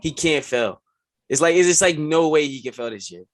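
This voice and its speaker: A man co-hosting a podcast, chatting casually and excitedly about sports, saying "bro" often. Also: fairly high pitch, normal speed, no room sound. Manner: animated, says "bro" often. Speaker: podcast co-host.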